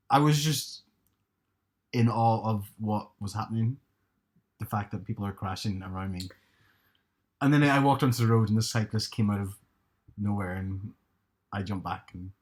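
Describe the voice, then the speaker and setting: A man's voice: fairly low pitch, moderate pace, pauses often. A man co-hosting a podcast, telling stories with hesitant ums and restarts. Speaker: podcast co-host. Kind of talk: casual chat.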